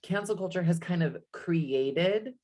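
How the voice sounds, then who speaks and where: A woman's voice: fairly low pitch, animated, measured pace, darkish tone. A woman hosting a podcast conversation, talking in an earnest, thoughtful way and drawing out key words. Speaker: podcast host. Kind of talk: casual conversation.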